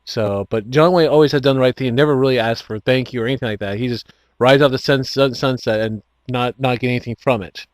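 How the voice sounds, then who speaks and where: A man's voice: mid-range voice, fast, dry recording. A man hosting an online chat show, rambling with many restarts and frequent laughs. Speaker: host.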